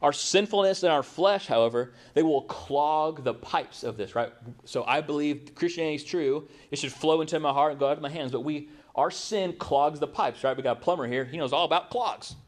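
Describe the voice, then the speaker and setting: A man's voice: on the high side, brisk. Man preaching, asking rhetorical questions. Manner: conversational preaching with frequent rhetorical tag questions. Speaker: pastor. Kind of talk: sermon.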